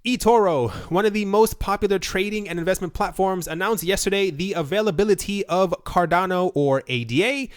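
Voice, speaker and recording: Young guy rambling fast about markets, highish voice, dry close sound. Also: no room sound. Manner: fast, rambling delivery with many fillers. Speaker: crypto news commentator. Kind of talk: casual commentary to camera.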